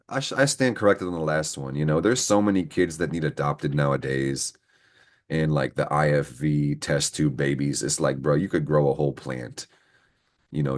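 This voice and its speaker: A man giving a casual, profanity-laced astrology reading, rambling and venting heatedly as he talks to his viewers. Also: extremely low pitch. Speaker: astrology reader. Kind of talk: casual horoscope reading to camera.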